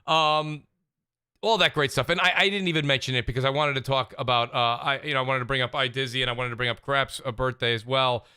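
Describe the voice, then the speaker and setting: A man hosting a casual gaming podcast in an animated, joking way. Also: medium pitch, fast, clean tone, no echo, studio quality. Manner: animated, jokey, gives chat shout-outs. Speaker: podcast host.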